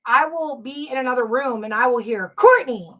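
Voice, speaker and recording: A woman's voice: high-pitched, a little fast, a bit bright. A woman hosting a live paranormal podcast, telling ghost stories in a rambling, casual way with lots of ums and uhs and reading viewer comments aloud. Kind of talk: casual live-show storytelling.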